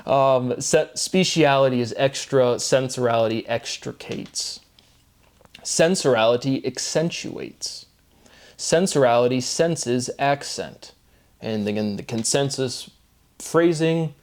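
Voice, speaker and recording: A man's voice: medium pitch, takes it slowly, a little mellow. Man musing loosely over wordplay. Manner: loose, filler-heavy, wordplay-driven musing. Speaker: solo channel host. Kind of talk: rambling solo monologue on word logic.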